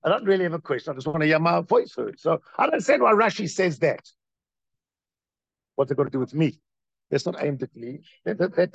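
A man leads a Torah lesson, firing off rhetorical questions as his voice swings up and down with a gravelly edge. The recording is dry and slightly muffled. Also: sits high, no room sound. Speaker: rabbi teaching a class. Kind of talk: Torah class lecture.

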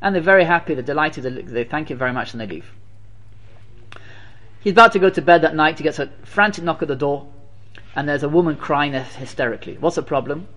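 A man teaching a religious lesson as a story, animated and emphatic, often repeating his phrases. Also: on the high side, brisk. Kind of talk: storytelling sermon.

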